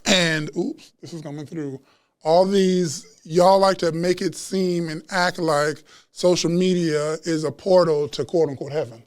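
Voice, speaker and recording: A man who works as a chef and Reiki practitioner, chatting as a guest at a live podcast taping in a bookstore and telling stories in an animated, slangy way. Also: a little high, unhurried, no room sound, clean studio sound. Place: bookstore event space.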